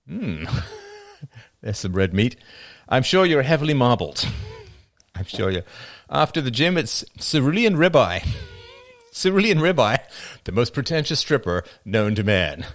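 A middle-aged man hosting a livestream, reading viewer comments aloud and answering them with dry, wry jokes. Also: medium pitch. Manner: dry joking, wry asides. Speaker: livestream host.

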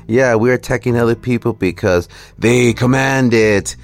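A man's voice: medium pitch, moderate pace. A man hosting a ranting, profane, mocking reaction commentary. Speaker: commentary host.

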